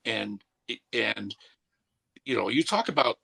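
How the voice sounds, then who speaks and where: Male podcast co-host, gravelly husky bright voice, rambling animated storyteller. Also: on the low side, slow pace. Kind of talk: casual podcast chat.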